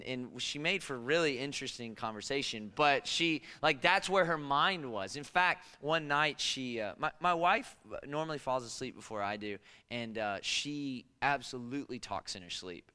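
Forceful, resonant preaching man in a hall. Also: medium pitch, clear, resonant tone. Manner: storytelling, conversational and humorous. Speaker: pastor. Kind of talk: sermon.

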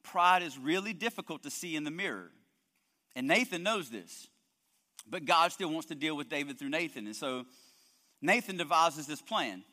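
A man's voice: a little high, animated, normal speed, bright, forceful tone. A male pastor preaching a sermon with emphasis, often repeating words as he builds his points. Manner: emphatic preaching with frequent word repetitions. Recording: long hall reverb.

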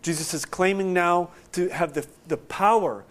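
A man preaching a sermon, explaining scripture in a conversational, animated way and acting out quotes. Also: high-pitched, moderate pace. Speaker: pastor.

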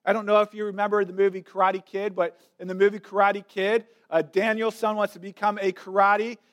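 Male pastor, high voice, emphatic sermon delivery with repetitions. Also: little pitch movement, brisk. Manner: emphatic, repeats words as he builds a point.

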